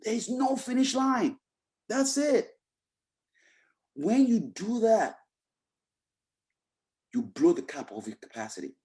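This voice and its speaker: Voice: medium pitch, very animated, takes it slowly, long pauses, a little mellow. A motivational speaker giving a webinar talk over a video call, emphatic and repetitive, with many rhetorical questions and frequent restarts. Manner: frequent restarts and "you know" fillers.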